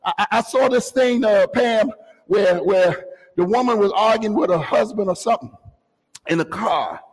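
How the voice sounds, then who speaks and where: A pastor preaching a fervent sermon, often rising to a shout and dropping into joking asides. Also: male voice, sits high, moderate pace, husky, long reverb tail, low-quality recording. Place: church sanctuary.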